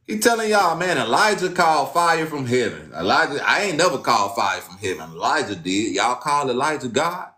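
A man giving an informal sermon, reading scripture aloud and talking in a casual, slangy way, swinging from loud exclamations to low muttering. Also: big pitch swings, fairly quick, few pauses, reverberant. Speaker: preacher.

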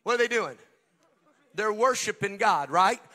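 A man preaching a Pentecostal sermon at a church service. He swings between quiet joking asides to the congregation and shouted, sing-song preaching. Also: sits high, expressive, measured pace. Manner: humorous and talks directly to the congregation.

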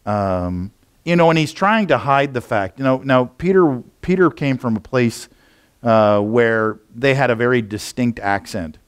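A man's voice: medium pitch, animated, measured pace, smooth. Casual rambling male pastor preaching. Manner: conversational, rambling with frequent fillers and restarts. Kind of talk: sermon. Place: church.

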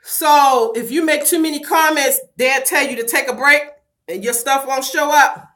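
A middle-aged woman chatting on a casual livestream, loud and playful, breaking into laughter and talking straight to her viewers while she does her hair at home. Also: high voice, moderate pace. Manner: slangy and animated, talks straight to viewers. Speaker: vlogger doing a livestream.

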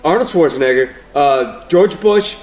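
Lively high-voiced young man joking. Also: a little slow, reverberant. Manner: jokey, animated, swearing. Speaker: podcast co-host. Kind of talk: casual chat.

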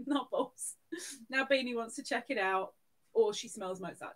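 A woman hosting a live stream, her voice high and swooping all over the place. She gushes and coos affectionately over her viewers, taking her time and drawing out her words. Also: lively intonation, a little slow, fairly bright tone. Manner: gushing, affectionate, reading out viewer names. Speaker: livestream host.

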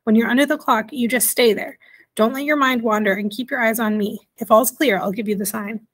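A woman's voice: fairly high pitch, steady tone, a little fast, close to an everyday voice. A woman reading aloud and voicing a cautious, worried tiny father from a little-people family, close to her own voice. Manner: guarded and careful.

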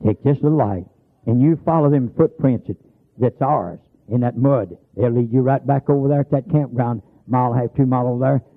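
A man's voice: medium pitch, a little fast. A man preaching a holiness sermon, telling folksy stories and calling out scripture with emphasis. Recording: phone-like lo-fi sermon tape.

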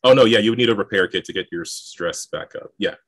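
Man, game master, low voice, dry close sound, easygoing, lots of fillers. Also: fast, no echo. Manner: relaxed, laughing often, filler-heavy. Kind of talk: running a tabletop game over voice chat.

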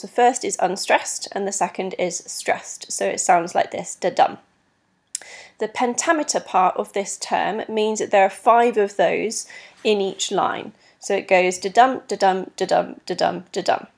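Woman, teacher, recorded lesson, patient, clear, frequent ums, mid pitch. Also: unhurried. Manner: clear, patient, many ums, stresses rhythm aloud. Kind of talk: recorded exam lesson explaining poetry.

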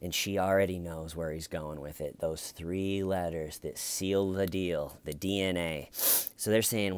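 A man's voice: sits low, fairly even intonation, a little slow, clear, resonant tone. A man giving casual true crime commentary in a sarcastic, mocking, rambling way.

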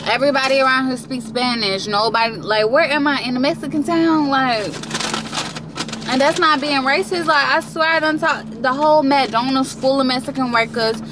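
Young woman vlogging on her phone, cusses a lot, kinda high voice, noisy background. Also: normal speed. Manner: chatty and profane, venting frustration. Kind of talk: casual vlog chat. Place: car, then a large home decor store. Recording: noisy phone recording with traffic and store sounds.

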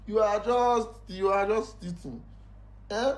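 A man speaking Nigerian Pidgin in an excited comic skit, pleading and exclaiming. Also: high voice, measured pace, long pauses, echoey room. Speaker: skit performer.

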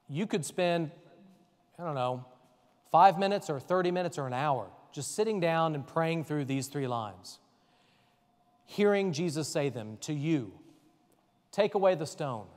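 A man's voice: on the high side, expressive, measured pace, long pauses, in a large hall. A man serving as a deacon, teaching a faith formation class in an earnest, conversational way and often checking in with his listeners.

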